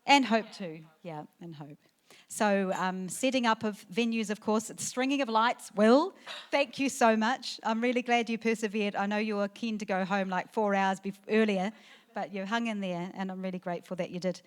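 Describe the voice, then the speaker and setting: A middle-aged woman, the mother of the bride, giving a wedding reception speech into a handheld mic, emotional and halting, with fillers and restarts. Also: mid-range voice, clean tone. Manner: emotional, tearful at times, laughing through the speech. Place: wedding reception venue, indoors.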